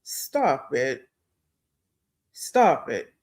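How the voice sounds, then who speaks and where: A man's voice: medium pitch, sing-song, extremely slow. Male reaction host, mid-range voice, blunt and mocking delivery. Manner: blunt, scornful. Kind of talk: reaction commentary.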